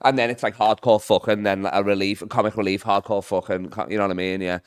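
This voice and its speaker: A man's voice: fairly low pitch, little pitch movement, quick pace, smooth, no room sound. Crude guy telling stories. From Britain. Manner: crude rambling storyteller, swears a lot, laughs often. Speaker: podcast guest. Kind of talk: casual chat.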